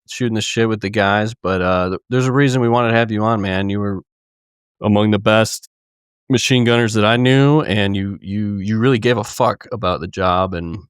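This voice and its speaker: A man hosting a podcast, relaxed and joking as he reads out listener questions. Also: lowish voice, clean tone, no room sound, clean studio sound. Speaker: podcast host. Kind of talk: casual podcast chat.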